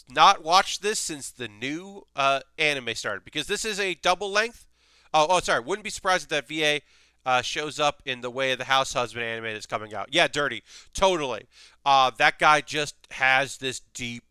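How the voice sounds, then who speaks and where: A young man talks through his picks in a loose, animated ramble, full of fillers and restarts. His voice is bright and smooth and sits a little high. The sound is dry and close. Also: dry recording. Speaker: anime video host. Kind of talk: casual commentary.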